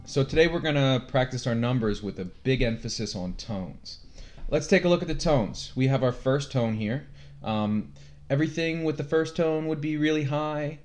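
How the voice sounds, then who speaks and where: A man teaching a Chinese lesson, slowly drilling numbers and tones with his students. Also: medium pitch, a little mellow, faint music behind. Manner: very slow and deliberate, modelling tones. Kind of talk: classroom lesson, drilling pronunciation.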